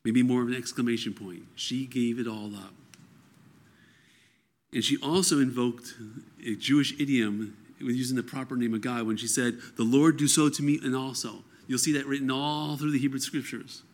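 A man's voice: medium pitch, fairly even intonation, moderate pace. A man reading scripture aloud and explaining it verse by verse in a conversational teaching style. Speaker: Bible teacher.

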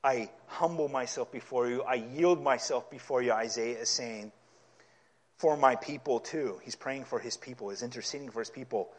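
A man preaching a sermon, reading scripture aloud and explaining it, his delivery growing impassioned until he is nearly yelling. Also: mid-range voice, normal speed. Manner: impassioned, rising to yelling at times.

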